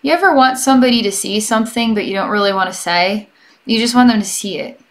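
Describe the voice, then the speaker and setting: A young adult woman giving a gentle, chatty energy healing session as a psychic, rambling and often checking in with the listener. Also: mid-range voice, fast. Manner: gentle and reassuring toward the listener. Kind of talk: relaxed guided healing session.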